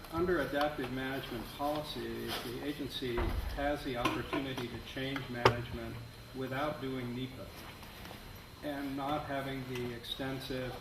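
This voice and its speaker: A man in the audience asking a symposium speaker a deliberate, pointed question. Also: mid-range voice. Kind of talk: question from the floor. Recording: echoey room, far mic, noise.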